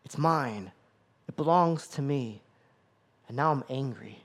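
A man's voice: a little high, very animated, unhurried, creaky, long pauses. Emphatic male pastor preaching. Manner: emphatic, repetitive preaching cadence. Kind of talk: sermon.

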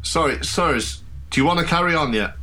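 A man's voice: fairly high pitch, animated, moderate pace, pushed and bright, voice pushed up. A man voicing a polite male coach driver who hesitates and calls the passengers sir. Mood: deferential.

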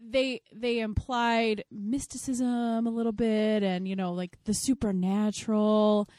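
A woman co-hosting a casual movie review podcast, making unhurried remarks. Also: mid-range voice, little pitch movement, warm tone, no echo. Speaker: podcast co-host.

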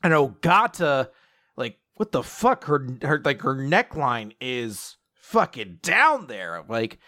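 A man's voice: mid-range voice, sing-song, takes it slowly, bright, forceful tone. A man casually recapping an anime episode with a co-host, laughing and acting out the characters' lines. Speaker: podcast co-host.

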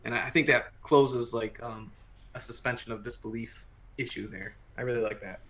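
A man co-hosting a podcast, explaining game rules in a relaxed way with the odd dry joke. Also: medium pitch, normal speed, a little hiss or hum. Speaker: podcast co-host. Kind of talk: casual chat reviewing a game book.

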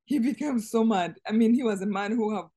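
Interview guest, woman, fairly high voice, earnest and emotional, halting delivery with restarts. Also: mellow, slightly rough. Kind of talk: personal testimony in conversation.

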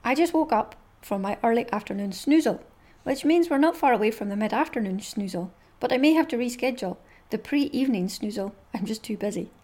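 A Scottish woman voicing an earnest, affectionate pet dog in a slow, deadpan read with long pauses. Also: on the high side. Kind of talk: reading funny dog posts aloud.

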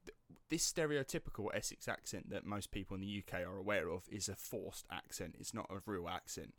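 Podcast host, English man, Estuary accent, lively storyteller who swears casually, lowish voice. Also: a little fast, dry recording. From England. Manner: animated storyteller, swears freely. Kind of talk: casual chat.

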